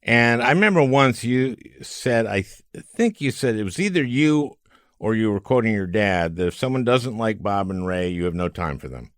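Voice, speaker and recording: A man's voice: lowish voice, animated, moderate pace, dry recording, clean studio sound. An older man hosting a podcast, chatting casually and telling stories with frequent laughs. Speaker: podcast host. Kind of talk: casual interview chat.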